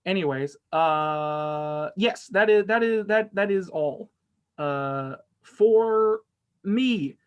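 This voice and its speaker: High-voiced rambling male podcast host. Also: clean tone, dull audio. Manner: rambling, self-deprecating, halting with fillers. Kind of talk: casual podcast sign-off.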